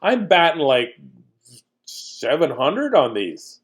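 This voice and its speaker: Animated man reading a bedtime story, jokey asides, pitch on the high side. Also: takes it slowly. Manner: jokey, animated, chatting to listeners. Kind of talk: playful read-aloud with chatty asides.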